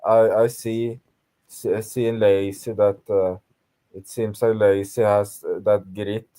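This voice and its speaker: A man's voice: lowish voice, little pitch movement, slow, warm tone. A man taking part in a casual group discussion, hesitant and full of fillers.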